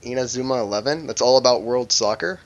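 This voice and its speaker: A young man co-hosting a casual gaming podcast, animated and swearing as he laughs his way through stories. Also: medium pitch, fast, muffled recording. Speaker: podcast co-host.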